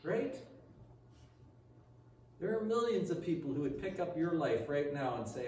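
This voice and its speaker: Pastor guy preaching, high voice that swings up and down a lot, sounds far off in a big echoey church. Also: big pitch swings, a little slow, mellow. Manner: conversational preaching with rhetorical questions. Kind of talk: sermon. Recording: echoey hall, speaker far from mic, faint noise.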